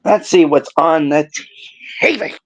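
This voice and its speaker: A man's voice: fairly high pitch, a little slow, dull audio. A man hosting a livestream, chatting playfully and a bit out of breath while doing chores. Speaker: livestream host.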